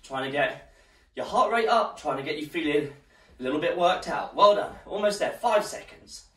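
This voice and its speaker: An encouraging man leads a workout class, a little breathless as he moves along with it. His lively voice rises and falls as he counts down the rounds. The room is echoey and he sounds some way from the mic. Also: fairly high pitch, normal speed. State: slightly out of breath. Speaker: fitness instructor. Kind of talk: live workout class instruction. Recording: roomy echo, distant mic.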